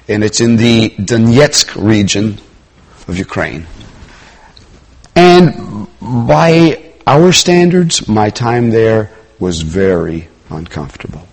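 Middle-aged male preacher, husky and a bit low, conversational sermon with loud peaks and quiet asides. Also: takes it slowly.

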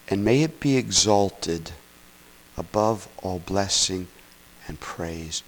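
A man preaching a sermon in an earnest teaching tone, often checking in with "okay?" and swinging between loud emphatic peaks and quiet asides. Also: low voice, lively intonation, slow pace, low-quality recording. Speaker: pastor.

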